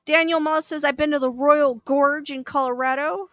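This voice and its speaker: A woman hosting a casual livestream talks with viewers in a high, bright voice, chatty and given to thinking aloud with fillers and laughs. Her voice sounds dry and close, with faint music underneath. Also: steady tone, moderate pace, no room sound. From Southern California. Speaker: livestream host reading chat. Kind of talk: casual live chat.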